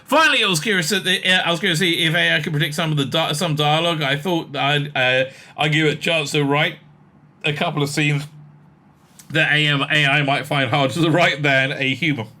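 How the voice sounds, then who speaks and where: A man hosting, giving casual commentary in an animated, sarcastic way, full of fillers and restarts. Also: on the high side, fairly quick. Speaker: host. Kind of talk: casual commentary reading aloud.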